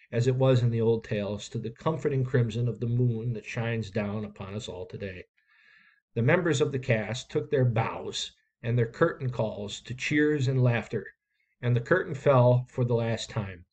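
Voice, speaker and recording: A man reading a short story aloud in a steady, measured way. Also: mid-range voice, dull audio. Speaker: reader.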